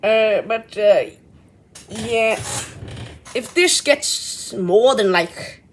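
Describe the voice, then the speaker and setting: A woman's voice: on the high side, expressive, drawn-out words, slight background noise. A woman giving casual, exasperated reaction commentary, laughing and swearing freely. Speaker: video reactor.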